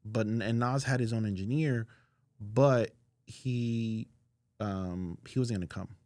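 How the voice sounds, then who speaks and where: A man, a guest in an interview, telling relaxed anecdotes full of fillers in casual conversation. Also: fairly low pitch, takes it slowly, dry recording. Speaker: audio engineer guest.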